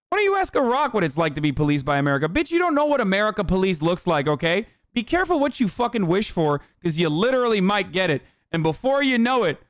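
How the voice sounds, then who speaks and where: Ranting heatedly and sarcastically into a desk mic, a thirties-aged streamer reacts to the news with casual, profane political commentary. He has a fairly high-pitched, clear, resonant voice, recorded dry at studio quality.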